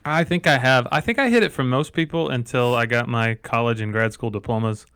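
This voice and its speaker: A man's voice: mid-range voice, brisk, clean tone, dry recording, studio quality. A middle-aged man co-hosting a podcast, telling stories in a casual, joking way. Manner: joking, animated storyteller. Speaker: podcast co-host. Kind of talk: casual chat.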